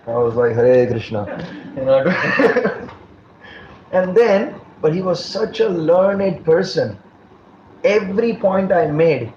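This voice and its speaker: A man giving a scripture class as a preacher, telling stories and acting out the dialogue, laughing now and then. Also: on the high side. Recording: dull roomy recording with faint noise.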